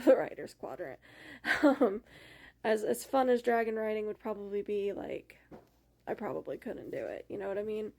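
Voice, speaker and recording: A woman's voice: mid-range voice, gravelly, mellow. A young woman chatting casually about a book for her book club, rambling with lots of fillers.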